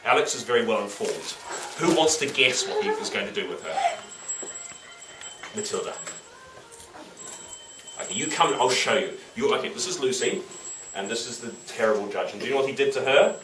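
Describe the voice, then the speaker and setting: A man's voice: mid-range voice, lively intonation, brisk, long pauses, music in the background. Playful male storyteller for children. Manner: playful, asks the children questions. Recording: roomy, distant, faint noise.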